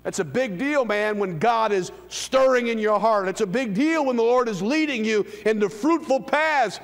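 High-pitched preacher in a reverberant hall. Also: male voice, moderate pace, few pauses. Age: 50s. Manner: swings from hushed low lines to loud high calls. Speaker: pastor. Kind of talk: sermon. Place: church sanctuary.

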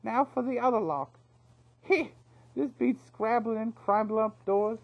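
A man voicing a boastful, cheeky male mouse thief with a quick patter, for a read-aloud storybook. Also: high voice, fairly even intonation, gravelly, breathy edge, highs cut off, voice pushed up, heavily acted.

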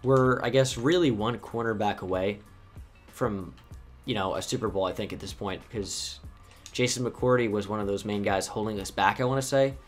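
A young gaming YouTuber chats casually while playing a football video game, his lowish voice breaking into quick bursts of swearing. Faint music plays in the background.

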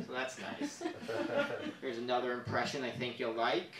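A man doing a stand-up comedy set on stage, quick and jokey, breaking into silly put-on voices. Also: mid-range voice, expressive, a bit bright. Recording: echoey hall, from a distance.

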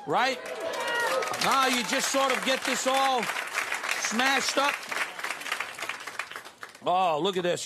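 High-voiced, slow-talking TV chef man. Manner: emphatic, coaxing the audience with repeated "okay?" and "you see?". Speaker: TV cooking show host. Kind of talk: live cooking demonstration. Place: TV studio kitchen with live audience. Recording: studio audience and background noise.

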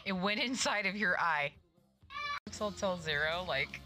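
A woman's voice: on the low side, animated, measured pace, over music. A woman live-streaming a game, chatting casually and cracking crude jokes with frequent giggles. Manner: giggly, crude joking, laughs often. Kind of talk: casual live-stream chat while gaming.

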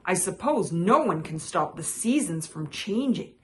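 A woman's voice: fairly low pitch, animated, unhurried, fairly bright tone, slight background noise. Woman doing a cranky storybook rabbit. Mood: grumbling. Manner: grumbling, gloomy. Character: grumpy complaining male rabbit.

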